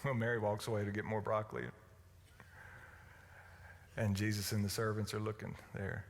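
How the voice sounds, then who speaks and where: A man from Alabama, preaching a folksy, humorous sermon that swings from loud to hushed. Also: fairly low pitch, little pitch movement, moderate pace, vocal fry, slight background noise. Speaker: pastor. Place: church sanctuary. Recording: echoey church hall.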